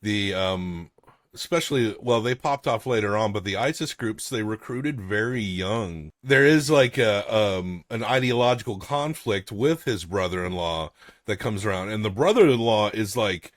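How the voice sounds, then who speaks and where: A man's voice: fairly low pitch, animated, moderate pace, dry recording. A man hosting a podcast, chatting casually about a movie, rambling with lots of restarts and swearing. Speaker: podcast host. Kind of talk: casual movie review chat.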